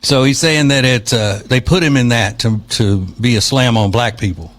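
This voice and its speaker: A man's voice: mid-range voice, normal speed, a bit bright. A man hosting an opinion podcast, talking in a sarcastic, mocking way. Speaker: podcast host. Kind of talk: opinion commentary.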